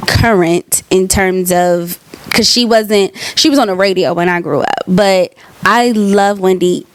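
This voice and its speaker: A young woman, an aspiring talk show host, answering interview questions in a bubbly, chatty way with many fillers. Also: medium pitch. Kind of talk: casual self-interview answers.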